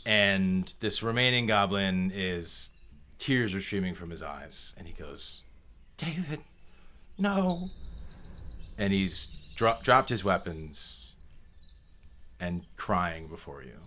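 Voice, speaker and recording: A man's voice: deep voice, takes it slowly, bright, forceful tone, a little hiss or hum. A man running a tabletop game as dungeon master, narrating in a laid-back, joking way.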